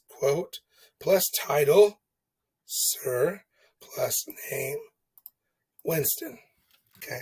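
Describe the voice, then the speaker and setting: A man's voice: on the high side, breathy edge, poor audio. A man explaining coding exercises in a casual lesson, chatty and thinking aloud, often checking in with "okay?". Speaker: teacher walking through coding exercises. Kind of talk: casual screen-recorded lesson.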